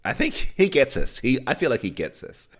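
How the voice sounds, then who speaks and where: A man co-hosting a casual podcast chat, trading teasing, quick-witted banter. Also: mid-range voice, huge pitch swings. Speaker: podcast co-host.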